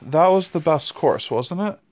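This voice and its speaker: A man's voice: fairly high pitch, lively intonation, unhurried, voice pushed up. A man voicing a fussy, anxious male angel who talks in a worried, apologetic way. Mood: fretful.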